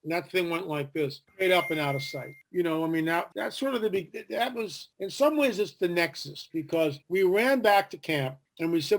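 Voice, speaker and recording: A man talks as an interview guest in a slightly higher voice. He tells lively stories and acts out what other people said. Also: normal speed, few pauses. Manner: lively anecdotes, acting out other people's lines. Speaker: guest, author and researcher. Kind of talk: animated storytelling in an interview.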